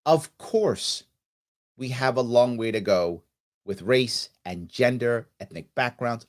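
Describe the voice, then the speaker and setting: An American man hosts a live political show and lectures his viewers with real conviction. His pitch rises and falls sharply as he acts out imagined conversations, and he hammers each point home. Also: a little slow. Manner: animated, emphatic, acts out both sides of arguments. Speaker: political talk show host. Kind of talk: impassioned livestream monologue.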